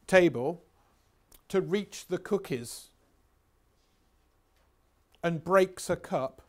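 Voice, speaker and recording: A man's voice: sits high, drawn-out words, darkish tone. A man in his sixties giving a revision lecture, chatty, anecdotal and self-mocking. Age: 60s.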